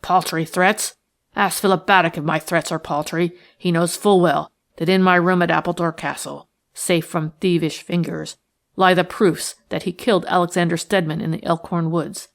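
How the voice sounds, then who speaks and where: A woman reading the lines of a rough, jealous man who threatens and boasts in a harsh, coarse manner. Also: natural voice. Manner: sullen, menacing, low-voiced. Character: rough jealous male schemer, bitter and threatening. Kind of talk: audiobook character reading.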